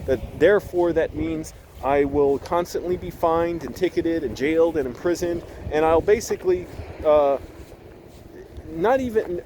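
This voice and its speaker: A man's voice: a little high, dark tone, slight background noise, rough recording. A young man vlogging outdoors on a hillside while walking, rambling and swearing freely in a casual rant.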